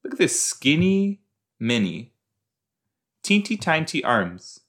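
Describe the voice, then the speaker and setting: A man's voice: a little high, sing-song, slow, fairly bright tone. A man hosting a casual watch-along, chatting through an episode with rambling, self-deprecating asides. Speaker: reaction podcast host. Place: southern Minnesota.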